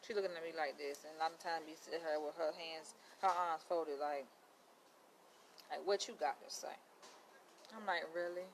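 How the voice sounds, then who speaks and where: A woman's voice: deep voice, normal speed, a little hiss or hum, poor audio. A woman in training as a psychologist, talking bluntly in a casual vlog and acting out conversations as she tells them. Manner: blunt, animated, quotes people in dialogue. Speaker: vlogger.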